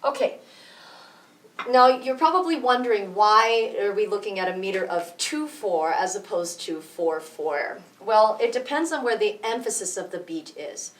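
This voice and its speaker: A woman music teacher explaining rhythm slowly and patiently, counting beats out loud. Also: mid-range voice, expressive, distant mic. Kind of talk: rhythm tutorial with counting aloud. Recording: echoey room, voice from off mic.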